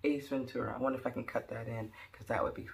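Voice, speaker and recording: Chatty young woman with gravelly fry. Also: a bass voice, fast talker. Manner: rambling, animated, jokey, full of "like" and "um". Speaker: vlogger. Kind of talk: casual storytelling vlog.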